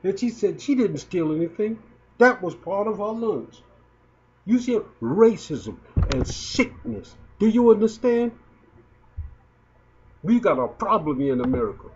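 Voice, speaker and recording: A man's voice: high-pitched, big pitch swings, normal speed. A man in his fifties giving emotional spoken commentary, indignant and stumbling as he repeats his words. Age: 50s. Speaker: video blogger. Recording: dull lo-fi recording.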